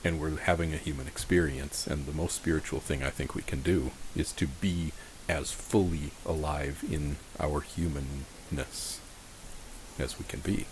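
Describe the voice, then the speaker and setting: A man hosting a podcast in a slow, earnest and thoughtful way. His voice is very deep, with a faint hiss of noise under it. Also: steady tone, rough recording. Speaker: podcast host. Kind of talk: reflective podcast conversation.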